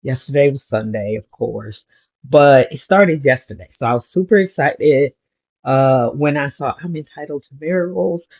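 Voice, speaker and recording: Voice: medium pitch, moderate pace, creaky. A spiritual vlogger in a casual motivational vlog, talking in a chatty, rambling way and telling stories with energy. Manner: chatty, rambling, animated storytelling.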